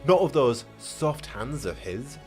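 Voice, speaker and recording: A man's voice: mid-range voice, expressive, takes it slowly, darkish tone, faint music behind. A man voicing an older, easygoing male elf prisoner in an attempted Scottish accent, dry and teasing.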